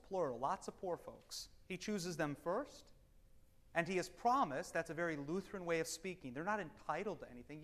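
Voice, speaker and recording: A man teaching a Bible study class, animated and wry, swinging between loud emphasis and quiet asides. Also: on the high side. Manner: wry, self-deprecating humor.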